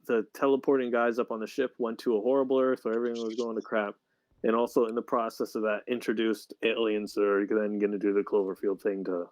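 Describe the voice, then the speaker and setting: A man's voice: lowish voice, no echo, rough recording. A man co-hosting a casual podcast chat, explaining film plots at length in a matter-of-fact way. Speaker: podcast co-host.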